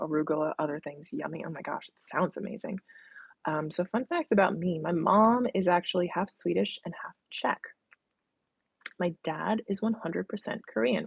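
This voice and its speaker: A woman's voice: fairly low pitch, creaky, breathy edge, no echo. A young adult woman hosting a casual live stream from home, chatting and reading viewer comments aloud.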